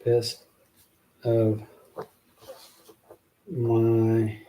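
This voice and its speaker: A man hosting a show, thinking aloud in a halting, musing way as he works out verses, repeating phrases to himself. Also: monotone, dark tone, a little hiss or hum. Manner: slow, low-key, self-questioning. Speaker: podcast host writing rhymes. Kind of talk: casual thinking aloud while writing verses.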